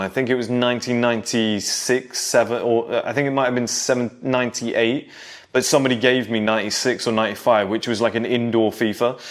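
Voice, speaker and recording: Man reminiscing to younger viewers. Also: mid-range voice. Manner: nostalgic, lecturing younger viewers directly. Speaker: vlogger. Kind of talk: casual monologue to camera.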